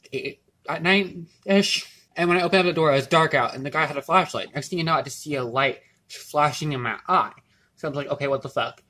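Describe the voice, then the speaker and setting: Bright-voiced young man, rambling vlog chat. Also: a little high. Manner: rambling, filler-heavy, swearing, self-mocking. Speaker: vlogger. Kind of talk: casual baking vlog chat. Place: home kitchen.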